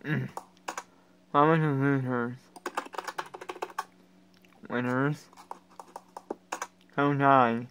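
A man giving reaction commentary, talking along casually and breaking into loud, excited exclamations. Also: medium pitch, very slow, long pauses, muffled recording, a little hiss or hum. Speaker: reaction video creator.

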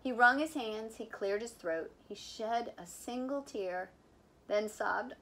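A woman volunteer reads a silly picture book aloud for children. Her delivery is animated and playful, with chatty asides about the pictures. Her voice sits a little high and swoops widely in pitch. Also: slow. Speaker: volunteer reader.

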